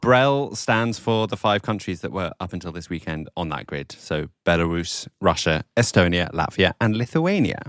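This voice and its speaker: A man's voice: low-pitched, sing-song, moderate pace, few pauses, a bit bright, no room sound, studio quality. A man co-hosting a casual news podcast, explaining things plainly and laughing easily. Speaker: podcast co-host.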